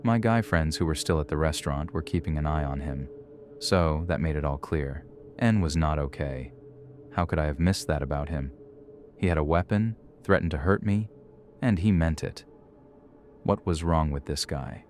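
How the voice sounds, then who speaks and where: A man reading true horror stories aloud in steady, measured scripted narration. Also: a bass voice, a little hiss or hum. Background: faint background music.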